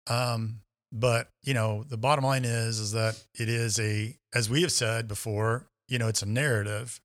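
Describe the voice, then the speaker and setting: A man's voice: medium pitch, moderate pace. A man on a podcast telling a story in casual chat, acting out the voices of the people in it. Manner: animated storyteller, acts out quoted voices.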